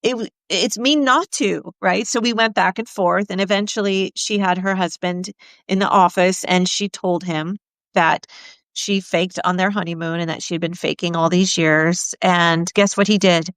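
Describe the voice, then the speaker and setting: A middle-aged woman therapist tells frank stories about her clients, her voice smooth and clear. She slips into the voices of the people she quotes as she talks. The sound is dry and close, with no room around it. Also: fairly low pitch, normal speed, dry recording. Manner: candid, animated storyteller acting out quotes. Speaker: sex therapist. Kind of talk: conversational storytelling.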